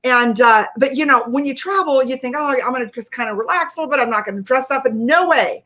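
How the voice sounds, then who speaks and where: A woman's voice: sits high, fast talker, a bit bright. A woman hosting a live-streamed interview, talking in an enthusiastic, effusive way. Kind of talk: casual interview.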